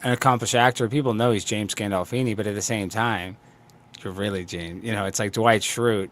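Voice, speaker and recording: A man's voice: fairly low pitch, steady tone, brisk, fairly bright tone. Rambling, opinionated male host. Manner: rambling, opinionated, thinks aloud. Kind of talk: casual interview talk.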